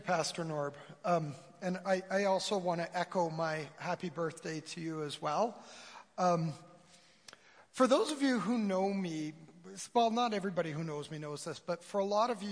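High-voiced man preaching in a reverberant church. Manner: storytelling, dramatic retelling. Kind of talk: sermon. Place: church sanctuary.

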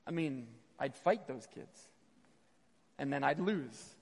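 A man's voice: mid-range voice, slow, gravelly, pauses often. A man preaching in a reverberant hall. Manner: animated storytelling, repeats phrases, occasional stumbles. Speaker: missionary preacher. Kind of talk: sermon with personal stories.

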